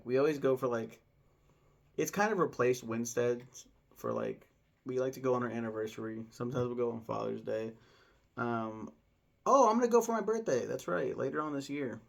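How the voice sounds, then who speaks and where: Gravelly, rambling man vlogging about food. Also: medium pitch. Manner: rambling, enthusiastic, many fillers and laughs. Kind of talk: casual vlog chat.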